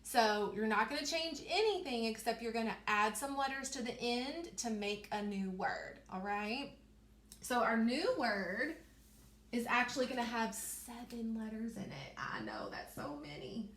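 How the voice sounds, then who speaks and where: A young woman teaching a reading lesson to young children, slowly stretching out letter sounds and praising them often. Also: on the high side, animated, fairly bright tone. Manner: encouraging, repeats words for children. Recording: echoey room.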